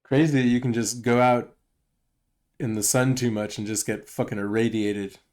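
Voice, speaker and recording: A man's voice: mid-range voice, steady tone, normal speed, darkish tone. A man in his forties co-hosting a podcast, chatting in a wry, amused way. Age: 40s. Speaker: podcast co-host. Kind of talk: casual chat.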